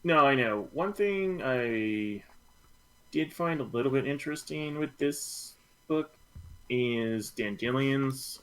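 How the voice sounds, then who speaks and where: A man co-hosting a casual book club podcast, speaking in a measured, slightly hesitant and thoughtful way. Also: mid-range voice, low-quality recording. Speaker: podcast co-host.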